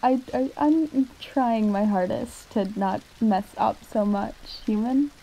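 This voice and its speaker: A woman's voice: fairly high pitch, slow pace, creaky, mellow, poor audio. A woman in whispered role-play as a shy, stammering catgirl reading a book aloud to a listener. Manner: stammering, timid. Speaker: ASMR roleplayer.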